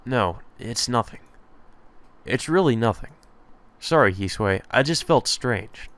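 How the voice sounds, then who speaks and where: A man reading the lines of a troubled young male protagonist in a visual novel, in a flat, tense way. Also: medium pitch, unhurried. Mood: uneasy.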